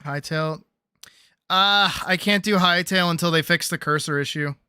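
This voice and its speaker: Bright-voiced man streaming casual games. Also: fairly high pitch, moderate pace, clean tone, dry recording, clean studio sound. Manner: relaxed, chatty, answers chat, laughs often. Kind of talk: casual gaming stream chat.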